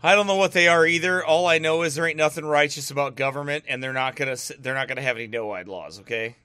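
A man in a rambling, sarcastic monologue, drifting between musing asides and loud preachy bursts. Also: on the high side, fast, smooth, no echo. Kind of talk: casual monologue to camera.

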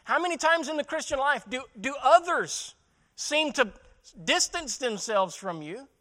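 Man, pastor, sermon, high-pitched, rhetorical questions, emphatic, repeats words. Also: lively intonation, unhurried, bright, forceful tone.

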